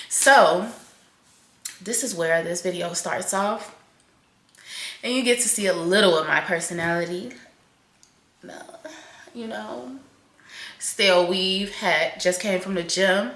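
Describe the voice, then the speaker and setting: A young woman venting candidly to camera in a home vlog, swearing freely and swinging between loud outbursts and soft, quiet admissions. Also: medium pitch, slow pace, long pauses. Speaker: vlogger. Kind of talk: raw confessional venting to camera. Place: home kitchen, in doors. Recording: echoey room.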